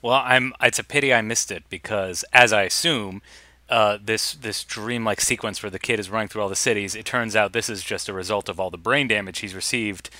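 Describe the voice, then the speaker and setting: Boston-area guy cohosting a podcast, dry teasing jokes, lowish bright voice, no room sound. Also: fairly even intonation, brisk, no room sound. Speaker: podcast co-host. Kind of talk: casual chat.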